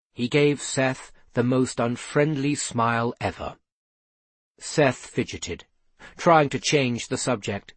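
A man narrating a children's novel aloud with expressive storytelling. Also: mid-range voice, takes it slowly, no echo. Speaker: audiobook narrator. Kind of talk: scripted narration.

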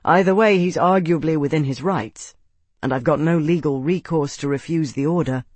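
A man's voice: a little high, normal speed, slightly rough, no room sound. Man voicing a grim young army captain.

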